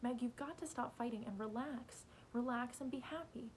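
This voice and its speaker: A woman reading aloud as a small boy spoken through by an alien, bland, calm and reasonable. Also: on the high side, normal speed, a little hiss or hum, natural voice, poor audio. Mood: eerie calm.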